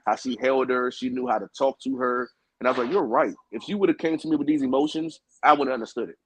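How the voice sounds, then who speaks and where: A man's voice: medium pitch, fairly even intonation, quick pace, noisy background. A man telling a long story on a podcast, in loose, profane, casual chat. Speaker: podcast co-host.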